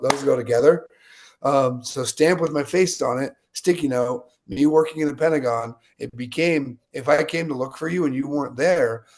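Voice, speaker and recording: A man with a gravelly, fry-edged voice of middle pitch tells stories as an interview guest. He talks with energy and jumps into the voices of the people in his anecdotes. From United States. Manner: energetic, animated storyteller acting out quotes. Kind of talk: interview storytelling.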